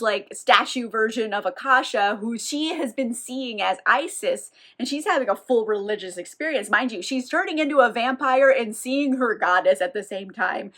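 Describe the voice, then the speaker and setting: A woman's voice: fairly high pitch, a bit bright. Laughing, irreverent woman recapping a book. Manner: irreverent, laughs often, lots of "like". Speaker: book reviewer.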